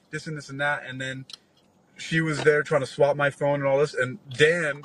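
A man's voice: on the high side, a little fast, a little hiss or hum, low-quality recording. A man in his forties telling a long story in casual chat, rambling and swearing, acting out the other people's lines as he goes. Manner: rambling, profane, animated retelling with quoted dialogue.

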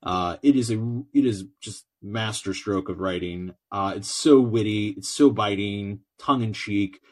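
A man's voice: fairly low pitch, unhurried. An American man hosting a solo podcast, rambling with lots of fillers and restarts, then reading a letter aloud. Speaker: podcast host.

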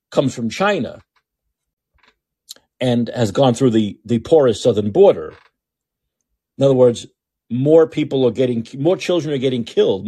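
A man's voice: mid-range voice, mellow, slightly rough, no room sound. A man hosting a podcast with opinionated political commentary, talking in a sarcastic, mocking, repetitive way. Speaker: podcast host.

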